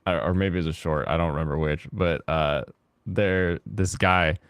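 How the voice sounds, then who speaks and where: A man hosting a casual chat while he plays a game, talking in a rambling, halting way with many fillers. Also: low voice, steady tone, a bit bright, smooth, no room sound, studio quality. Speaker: host.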